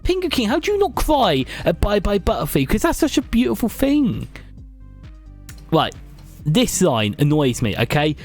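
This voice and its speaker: A man's voice: high-pitched, wildly swooping pitch, normal speed, faint music behind. A British man streaming live, chatting and joking with his viewers as he ranks favourites on a tier list. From Britain. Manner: chatty, jokey, reads and answers chat.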